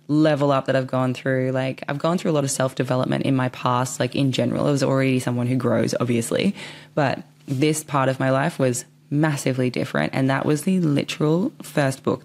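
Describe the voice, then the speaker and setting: A woman's voice: a bass voice, creaky, a little mellow. A young woman hosting her own podcast, chatting casually with lots of filler words and frequent swearing. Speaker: podcast host. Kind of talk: casual solo podcast chat.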